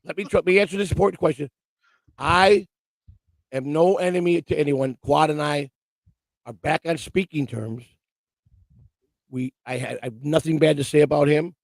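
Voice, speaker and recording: A man co-hosts a casual morning live stream, teasing his partner and tripping over his words. His voice sits a little high with a gravelly, creaky edge. The sound is dry and close, with no room around it. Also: moderate pace, long pauses, no echo, rough recording. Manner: stammering, repeats himself, teasing. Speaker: co-host.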